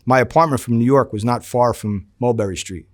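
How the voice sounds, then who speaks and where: Profane, animated storytelling man. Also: medium pitch, fairly quick, no echo, studio quality. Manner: profane, animated, acts out quoted dialogue. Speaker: former undercover FBI agent. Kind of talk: storytelling in a sit-down interview. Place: home in New Jersey.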